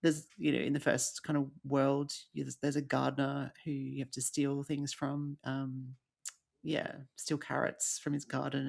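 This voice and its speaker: A woman's voice: low voice, gravelly, slightly rough. A woman co-hosting a podcast, chatting casually and upbeat, laughing often. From Australia. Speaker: podcast co-host. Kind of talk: casual chat.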